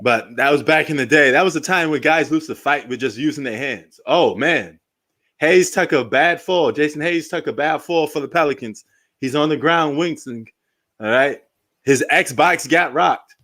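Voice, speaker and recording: A man riffs casually over a live basketball game. His voice sits a little high, and he rambles from story to joke, laughing often as he goes. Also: fairly bright tone. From New York. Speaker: sports live-stream host.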